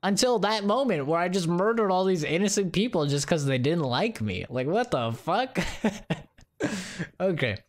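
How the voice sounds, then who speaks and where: A male game streamer talking loosely to his chat. His pitch swings widely as he rants, swears freely and laughs at his own stories. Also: measured pace. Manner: animated, profane, laughing rants. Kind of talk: casual live-stream chat.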